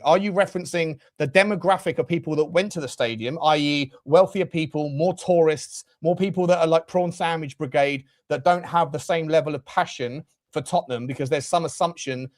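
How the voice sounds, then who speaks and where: A man in a casual podcast debate, probing with questions and often restarting his sentences. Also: on the high side.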